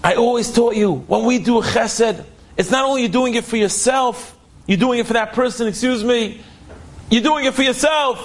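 A man voicing a patient, devout mother who gently lectures her children. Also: very high voice, moderate pace, pitched above the performer's own voice. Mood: earnest. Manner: earnest, moralizing.

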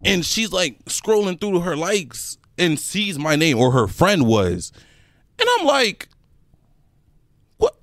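Lively young man telling a story. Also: high voice, slow, long pauses, dry recording, clean studio sound. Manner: animated, laughs through his story, slangy. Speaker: podcast co-host. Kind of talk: casual storytelling among friends.

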